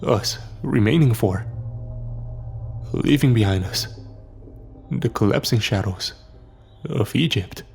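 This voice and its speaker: Gravelly male horror narrator. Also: lowish voice, slow pace, long pauses, darkish tone, faint music behind. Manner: dramatic first-person storytelling, lines for each character read aloud. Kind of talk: scripted horror story narration.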